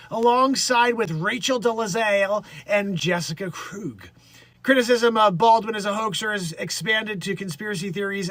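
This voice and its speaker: On his daily livestream, this host reads out news stories and goes off on rambling, jokey tangents, with some swearing and the odd put-on voice. His voice is high, bright and forceful, and the recording is dry.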